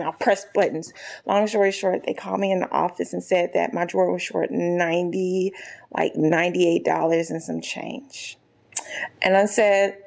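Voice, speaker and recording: A young woman vlogger telling a storytime tale in animated, casual chat and acting out the people in it. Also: mid-range voice, fairly quick, creaky. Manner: animated, acts out every quoted person.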